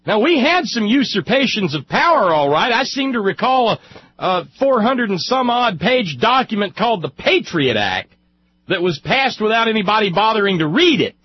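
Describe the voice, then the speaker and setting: Male talk radio host, husky and scornful, rambling political rant over slightly dull broadcast audio. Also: sits high, big pitch swings, normal speed, no room sound. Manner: sarcastic, scornful, rambling with restarts. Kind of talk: angry political commentary.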